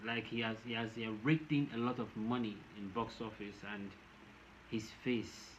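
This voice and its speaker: A man's voice: medium pitch, normal speed. A Nigerian man giving casual commentary to camera, rambling and often repeating and restarting his phrases. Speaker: vlogger. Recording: dull lo-fi with faint noise.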